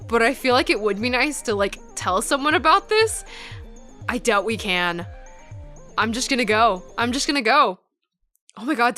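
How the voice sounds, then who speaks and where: A woman playing a video game and chatting about it, excitable and chatty. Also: fairly high pitch. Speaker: let's player. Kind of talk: game commentary.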